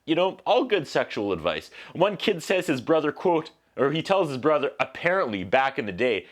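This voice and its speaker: A man's voice: on the high side, very animated, normal speed, few pauses. A man recapping a film for a home video review, with sarcastic, joking asides. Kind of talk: comedic movie recap.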